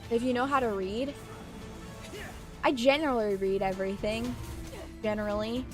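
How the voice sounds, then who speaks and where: A woman's voice: on the high side, moderate pace, over music. A woman streaming a game, chatting casually and swearing as she reacts to it, on a desk microphone at home. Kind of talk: live let's-play commentary.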